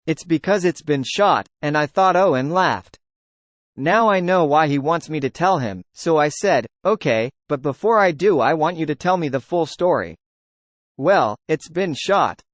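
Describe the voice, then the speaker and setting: A man's voice: a little high, lively intonation, normal speed, dry recording. A man narrating a documentary, telling a first-person anecdote and voicing the quoted dialogue in it. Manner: storytelling that voices quoted dialogue.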